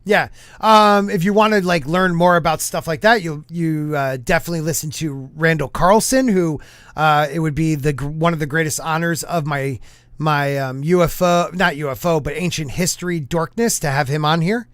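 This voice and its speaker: Male podcast host, higher voice, rambling and halting, dry close sound. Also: a bit bright, dry recording. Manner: rambling, halting, many fillers and restarts. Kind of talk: casual podcast chat.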